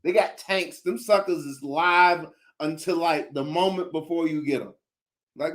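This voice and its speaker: A man telling funny stories in casual, slangy chat, laughing loudly between bits. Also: a little high, measured pace. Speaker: comedic storyteller.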